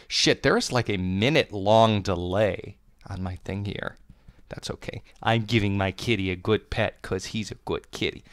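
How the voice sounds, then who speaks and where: A man's voice: on the low side, moderate pace, bright, forceful tone, dry recording. A man streaming a game and chatting playfully, swearing freely and cooing baby talk. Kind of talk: casual live-stream chat. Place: home.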